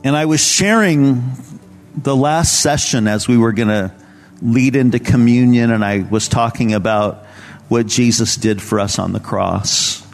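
Earnest conversational pastor preaching. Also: male voice, mid-range voice, unhurried, creaky, in a large hall. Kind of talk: sermon. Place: church service.

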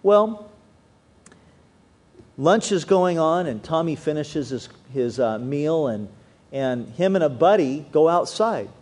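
Male preacher, higher-pitched voice, very animated sermon delivery. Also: takes it slowly, pauses often. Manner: animated preaching with wide swings in pitch and loudness. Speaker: pastor.

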